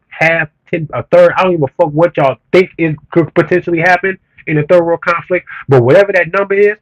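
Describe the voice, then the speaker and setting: A man's voice: fairly high pitch, no echo, lo-fi sound. A man on a livestream, talking to his chat in a blunt, profane, heated rant that keeps building in emphasis. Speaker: streamer reading comments.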